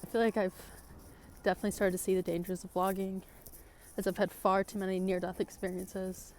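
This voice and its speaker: Young woman rambling into her phone, chatty, says like a lot, normal mid pitch. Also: little pitch movement, brisk, a little mellow, slight background noise. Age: young adult. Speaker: study-abroad student vlogger. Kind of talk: casual vlog chat.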